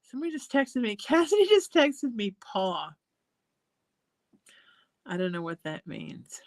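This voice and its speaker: A woman hosting a live psychic show, chatting in a rambling way, laughing often and drifting into soft singing. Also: fairly high pitch, big pitch swings, a little slow, no room sound. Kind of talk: casual live-stream chat.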